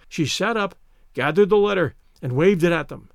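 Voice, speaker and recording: A man reading a literary story aloud with expressive storytelling. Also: high-pitched, normal speed, creaky, no echo, studio quality. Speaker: reader. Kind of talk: scripted narration.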